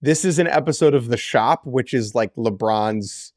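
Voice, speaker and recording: A man's voice: mid-range voice, normal speed, darkish tone, no room sound, clean studio sound. A man co-hosting a sports podcast, wry and playful in casual chat, reading listener comments aloud. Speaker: podcast co-host.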